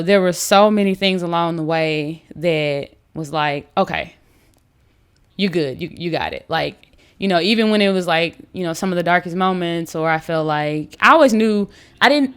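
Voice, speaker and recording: Woman guest, 30s. Animated, casual storytelling with many restarts. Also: fairly low pitch, normal speed, clear, resonant tone. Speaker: podcast guest.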